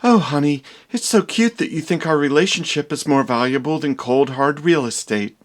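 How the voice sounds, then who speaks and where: A man voicing a young woman fiancée in a sing-song falsetto, sweet but shallow. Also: moderate pace, natural voice. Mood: teasing.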